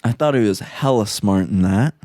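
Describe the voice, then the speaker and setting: A man's voice: lowish voice, normal speed, dark tone, dry recording, clean studio sound. A man co-hosting a podcast, chatting casually about a movie in a loose way, swearing and saying "like" a lot. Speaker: podcast co-host.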